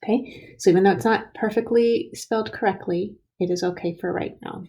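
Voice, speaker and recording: A woman teaching first graders a phonics lesson, sounding out letters and syllables slowly and sometimes dropping to a whisper. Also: medium pitch, steady tone, mellow, poor audio. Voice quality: gravelly and husky. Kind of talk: slow, careful phonics lesson.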